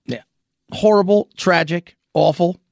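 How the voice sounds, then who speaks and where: High-voiced man giving heated commentary. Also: a little slow, vocal fry, dry recording, studio quality. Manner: animated and rhetorical, with frequent restarts. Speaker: commentary show host. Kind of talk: opinionated news commentary.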